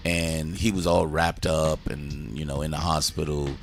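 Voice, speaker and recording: A man's voice: rumbling low, flat delivery, measured pace, gravelly, faint music behind. A man hosting a casual movie review chat, enthusiastically retelling scenes and swearing freely.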